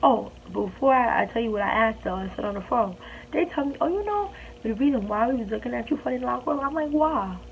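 A woman's voice: fairly high pitch, expressive, fast, creaky. A young woman vlogger telling a storytime in an emphatic, indignant way. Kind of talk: storytime vlog. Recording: dull lo-fi audio with faint hiss.

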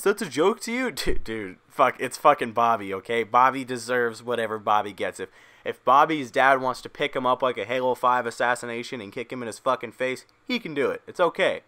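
A young man spins a made-up comic tale for his channel, swearing constantly and mocking his characters. His voice comes across bright and forceful, with a smooth, crisp tone. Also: mid-range voice. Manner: crude, profane, mocking narration. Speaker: YouTube comedy vlogger. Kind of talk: comedic storytelling vlog.

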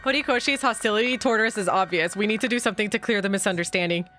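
A woman's voice: medium pitch, very fast, a bit bright, slight background noise. A woman streamer narrating a story game and chatting about her choices as she plays. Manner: chatty, reacts aloud while reading narration. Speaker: gaming streamer. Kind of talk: let's play commentary and reading.

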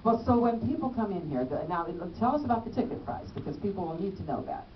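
A woman hosting a radio interview, lively and encouraging, laughing along with her guest. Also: medium pitch, fast, a little hiss or hum. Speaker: radio host. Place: radio studio. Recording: distant, muffled radio studio audio.

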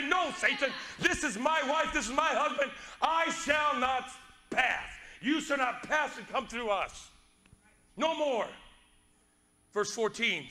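A male pastor preaching with fervor, swinging from shouted lines to hushed, quiet passages. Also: high-pitched. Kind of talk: sermon.

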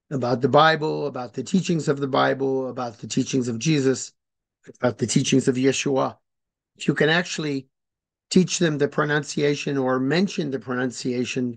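A man giving an informal lecture, hesitant and deliberate with many fillers and restarts, explaining slowly and spelling words out. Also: fairly high pitch, creaky. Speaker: speaker on religious history.

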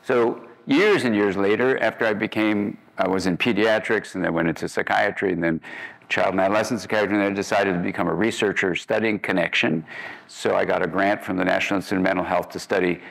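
A man's voice: low voice, steady tone, fast, creaky, a bit bright, low-quality recording. A man giving a guest lecture, telling personal stories in a conversational way and acting out the dialogue he remembers.

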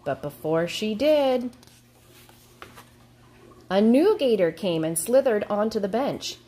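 A woman teacher reading a picture book aloud to her class, in a slow, expressive storytelling way. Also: medium pitch.

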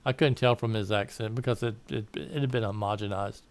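Fairly low in pitch, steady and resonant, his clear voice moves a little fast. A Southern American political commentator, he delivers a rambling opinion monologue, frequently stopping to correct himself and chuckling at his own side remarks.

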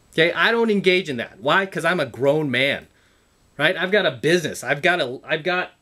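A man's voice: on the high side, pushed and bright. A man giving a blunt, profane motivational talk to camera, lecturing his viewers over and over. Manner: emphatic, repetitive, blunt and profane; lecturing, calls the audience "guys". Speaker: self-improvement vlogger.

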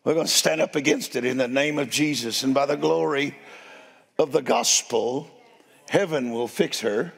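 An older man, preaching a sermon and telling stories in a folksy, playful way, with a gravelly, husky voice. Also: mid-range voice, moderate pace. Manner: folksy, playful, addresses crowd as y'all. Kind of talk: sermon storytelling. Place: church sanctuary. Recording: long hall reverb.

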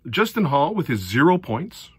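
A middle-aged man giving a casual recap of a hockey game, animated and sarcastic, often exasperated. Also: a little high, moderate pace, husky, no room sound. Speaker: hockey fan commentator.

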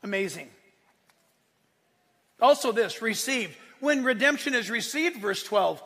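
A male pastor preaching a sermon, swinging between loud, emphatic declarations and quiet asides. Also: very high-pitched, lively intonation, a little slow, pauses often, husky. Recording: long hall reverb.

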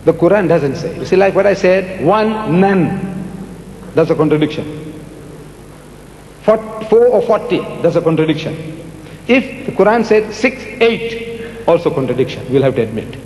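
A man's voice: on the high side, normal speed, pauses often. Older man speaking animatedly in an echoey hall. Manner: animated, rhetorical, repeats words for emphasis. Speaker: speaker answering audience questions. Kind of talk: public debate Q&A. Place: large lecture hall. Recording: echoey hall with faint music.

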